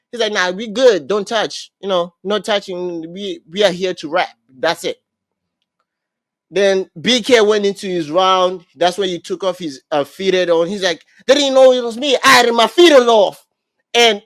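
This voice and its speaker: A man hosting a podcast, casually recapping an event and acting out what people said with sudden jumps in pitch and lots of "you know" fillers. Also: a bit bright, no room sound. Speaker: podcast host recapping a battle rap event.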